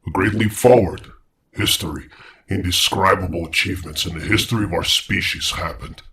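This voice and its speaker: A man's voice: deep voice, normal speed, pushed and bright. A man voicing an erratic, vengeful male scientist in a horror audio story, using a put-on British accent. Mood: grave. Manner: grave, erratic, swings to frantic outbursts.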